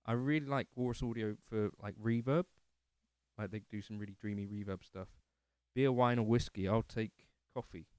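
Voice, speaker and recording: A man's voice: fairly low pitch, normal speed, darkish tone, no echo. Male streamer, self-deprecating and rambly, dry close sound. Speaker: livestream host. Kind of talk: casual livestream chat, reading comments. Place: home living room.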